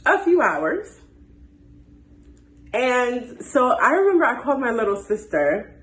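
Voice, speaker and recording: Young woman, storytime chat, animated, slightly high voice, echoey room. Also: a little slow. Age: 20s. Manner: animated, acts out dialogue. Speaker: storytime host.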